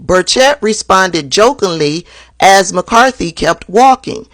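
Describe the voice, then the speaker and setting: A woman hosting a political commentary show, reading a news account aloud in a slow, deliberate way. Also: mid-range voice, animated, dry recording.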